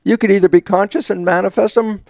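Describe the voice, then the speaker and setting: Older male interview guest, gravelly tone, dry close sound, animated storyteller who voices his own quotes. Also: sits high, fast talker, no echo. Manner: acts out his own inner dialogue in quoted exchanges, laughing often. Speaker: guest, stem cell biologist.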